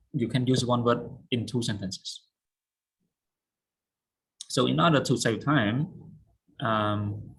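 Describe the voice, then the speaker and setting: A man's voice: mid-range voice, a bit bright, breathy edge, rough recording. A man with a Cambodian accent teaching an online English lesson, patiently drilling pronunciation and checking that students understand. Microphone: video call.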